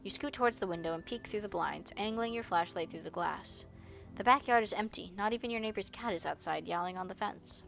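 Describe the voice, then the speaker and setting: Young woman, streamer, reading visual novel aloud, steady narration, gravelly voice, lo-fi muffled recording. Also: mid-range voice, fairly quick, soft background music.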